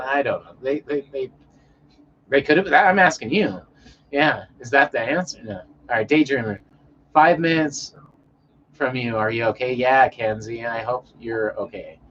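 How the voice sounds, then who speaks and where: A man's voice: medium pitch, fairly bright tone, dull audio. Laid-back man chatting on a stream. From Denver, Colorado. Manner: laid-back, rambling, answers chat by name. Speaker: livestream host reading chat. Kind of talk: casual livestream chat. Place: home, indoors.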